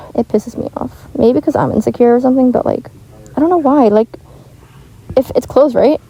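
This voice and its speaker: The teenage girl here has a high, warm, slightly rough voice and speaks at a moderate pace, though the audio from her home microphone is dull. As a gaming vlogger, she rambles casually, stacking up "like" fillers and restarting her sentences.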